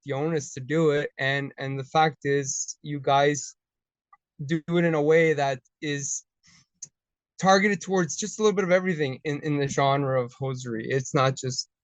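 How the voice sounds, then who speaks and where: A man's voice: a little high, steady tone, moderate pace, dry recording. A man appearing as a podcast guest, talking in a chatty, enthusiastic way. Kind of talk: casual chat.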